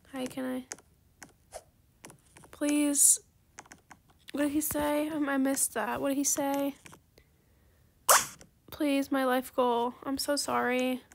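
A woman giving casual gameplay commentary, excitable and gushing, then soft and apologetic when she turns down offers. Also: a little high, slight background noise. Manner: apologetic, soft-spoken when declining trades. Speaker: gaming video creator.

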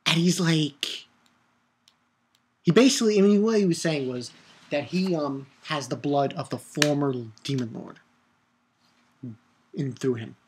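A man giving a casual video review of an anime episode, excitable and rambling, swearing and shouting out his own reactions. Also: a little high, measured pace, long pauses, a little hiss or hum. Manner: rambling with restarts and filler.

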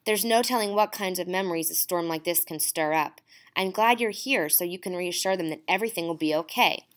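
A woman reading the part of a caring female schoolteacher who speaks in an earnest, gently reassuring way. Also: fairly low pitch, fairly quick, lightly acted. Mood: concerned. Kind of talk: audiobook dialogue.

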